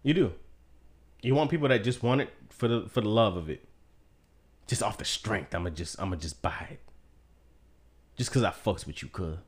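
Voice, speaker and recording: A man's voice: lowish voice, moderate pace, pauses often. A man co-hosting a podcast, chatting casually and jokingly about a movie, swearing freely. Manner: profane, joking, animated storyteller. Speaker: podcast co-host. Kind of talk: casual movie-discussion chat.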